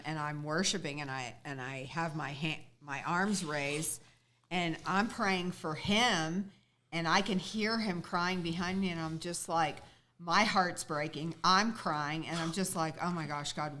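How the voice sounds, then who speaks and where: A woman's voice: low voice, measured pace, bright, forceful tone, slight background noise. A woman guest in an interview, earnestly and emotionally retelling a personal experience. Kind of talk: casual chat.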